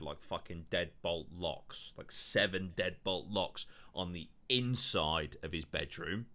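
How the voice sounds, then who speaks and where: A man's voice: rumbling low, sharp tone. A man hosting a podcast in casual, rambling chat, full of swearing and fillers. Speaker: podcast host.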